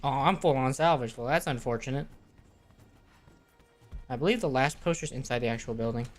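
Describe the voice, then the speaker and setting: A young man giving relaxed, casual commentary while playing a game, muttering to himself and tossing out joking asides. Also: mid-range voice, brisk, soft background music.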